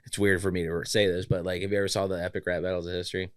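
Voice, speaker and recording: A man's voice: low-pitched, little pitch movement, very fast. A young man co-hosting a podcast, chatting casually and animatedly, swearing and mimicking voices. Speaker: podcast co-host. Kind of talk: casual chat.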